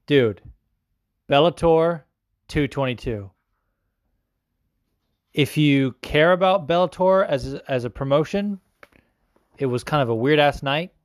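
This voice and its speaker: A man's voice: fairly high pitch, a little slow, long pauses, no room sound. Young man, podcast host, loose and profane, jokey rambling chat, dry close sound. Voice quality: swears often, rambling and joking. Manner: loose, self-mocking, animated. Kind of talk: casual solo podcast talk about MMA.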